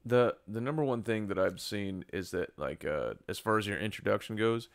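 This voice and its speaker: A man's voice: fairly low pitch, moderate pace, gravelly. A man, a comedian and podcast co-host, talking bluntly and crudely in teasing, casual banter.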